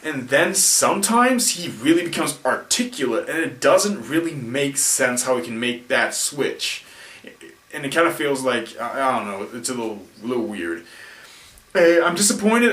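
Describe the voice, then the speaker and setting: A man's voice: mid-range voice, fairly bright tone. A man giving a casual, rambling film review late at night, tired, often restarting his sentences. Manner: rambling, self-correcting, frequent restarts and fillers. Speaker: video reviewer. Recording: roomy echo, mic at a distance.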